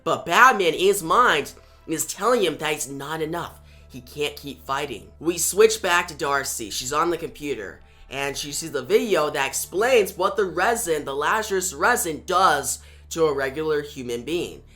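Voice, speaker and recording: A man casually retelling a comic story, excitable and eager. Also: a little high, normal speed, soft background music. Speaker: comic reviewer.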